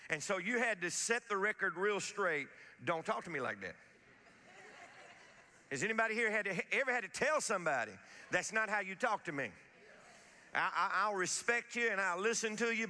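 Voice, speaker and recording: Bright-voiced preacher in a reverberant hall. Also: male voice, high-pitched. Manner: repetitive restarts, emphatic preaching, quotes scripture slowly. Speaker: pastor. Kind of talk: sermon.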